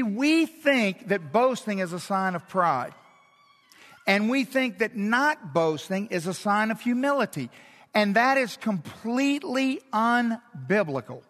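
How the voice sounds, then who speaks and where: High-pitched, slow-preaching male pastor. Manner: animated, acts out quotes with sudden swings in pitch and loudness. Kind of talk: sermon. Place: church sanctuary. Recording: long hall reverb.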